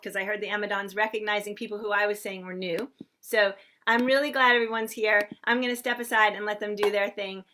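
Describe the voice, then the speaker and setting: A woman's voice: mid-range voice, pushed and bright. A woman hosting a daily online sing-along, chattily welcoming viewers by name on a livestream from a room she shares with other singers. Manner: effusive and chatty.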